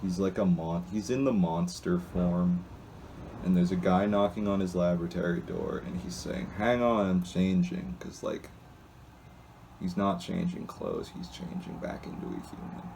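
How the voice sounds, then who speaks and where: A man's voice: deep voice, fairly even intonation, moderate pace, creaky, mellow, slight background noise. A man casually describing comics aloud in a rambling, hesitant way, with many restarts and asides. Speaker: solo video host reading comics.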